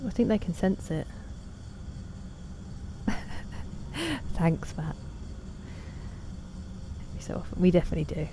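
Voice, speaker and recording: A woman's voice: fairly low pitch, a little slow, pauses often, noisy background. A woman streaming a game, chatting casually and self-deprecatingly while reading out her chat.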